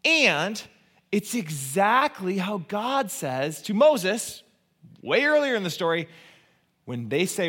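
A male pastor preaching a sermon, animated, rising to near-shouts on key points and dropping low and soft for emphasis. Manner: reads scripture aloud in a slow, emphatic cadence.

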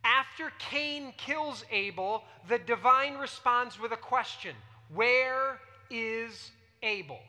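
A preacher with a bright, forceful voice teaches a sermon and keeps putting questions to the listeners. The voice carries a long reverb, as from a large hall. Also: mid-range voice, expressive, slow pace. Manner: teaching, asks the audience questions.

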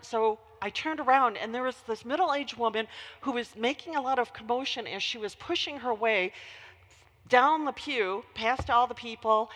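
A woman preaching a sermon and telling a childhood story in an animated way, heard in a long-reverb hall. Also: fairly high pitch.

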